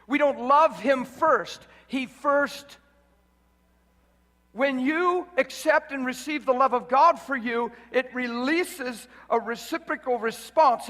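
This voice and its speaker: A man's voice: extremely high pitch, a bit bright. A man preaching a sermon in a large hall, exuberant and emphatic, often breaking into laughter. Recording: reverberant hall.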